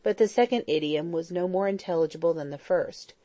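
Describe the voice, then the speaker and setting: A woman narrating a classic novel as an audiobook reader, in a steady, even reading voice. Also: on the low side, brisk, dry recording. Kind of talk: scripted narration.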